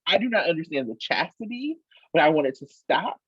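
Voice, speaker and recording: A woman co-hosting a casual podcast chat, emphatic and animated, swearing freely. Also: low-pitched, fairly quick, slightly rough, no echo, lo-fi sound. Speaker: podcast co-host.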